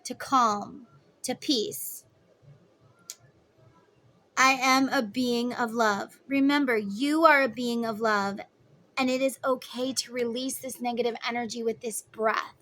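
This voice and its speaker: Bright, chatty woman reading tarot. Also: a little high, fairly even intonation, measured pace. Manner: chatty, motherly, guiding breathing exercises. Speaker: tarot reader. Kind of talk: casual tarot reading to camera.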